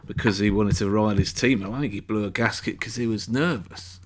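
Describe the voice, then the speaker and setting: A middle-aged man in a mid-pitched voice, hosting a relaxed football chat. He rambles, restarts his sentences and adds little asides as he goes. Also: brisk. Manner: rambling, full of fillers and restarts.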